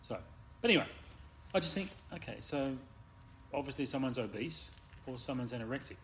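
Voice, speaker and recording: A man's voice: mid-range voice, brisk, slight background noise, rough recording. A man co-hosting a podcast, telling stories in a rambling way. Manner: rambling storyteller, stammers when excited. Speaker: podcast co-host. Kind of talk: casual chat.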